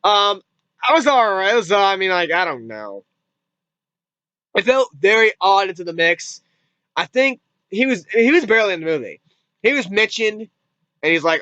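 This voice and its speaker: A man's voice: high-pitched, animated, moderate pace, bright, forceful tone, clear, resonant tone, no echo, lo-fi sound. A man giving a casual spoken movie review, rambling and repeating himself, with casual swearing.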